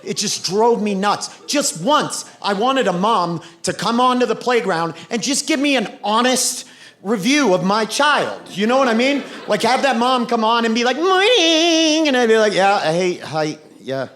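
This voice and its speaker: A man's voice: very high-pitched, normal speed, a bit bright. A man performing stand-up comedy on a club stage, telling stories in a profane, exasperated way. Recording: roomy club with crowd laughter.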